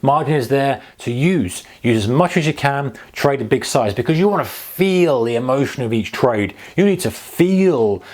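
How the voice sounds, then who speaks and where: A man teaching trading in a tongue-in-cheek way, urging viewers with ironic, mock-enthusiastic repetition. His voice sits at an ordinary middle pitch for a man. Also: animated, normal speed, few pauses, a little mellow. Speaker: trading educator. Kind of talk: tongue-in-cheek advice to camera.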